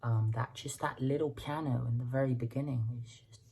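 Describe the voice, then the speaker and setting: A woman's voice: a bass voice, steady tone, fairly quick, warm tone, a little hiss or hum. A woman hosting a music reaction video, talking casually and stumbling over repeated words as she thinks aloud.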